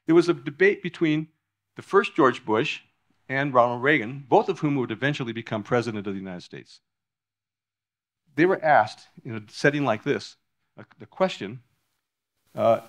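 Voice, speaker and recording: A man's voice: medium pitch, animated, normal speed, pauses often, a bit bright. An older man lecturing to a live audience in a hall, talking emphatically with frequent restarts and self-corrections. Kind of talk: public lecture.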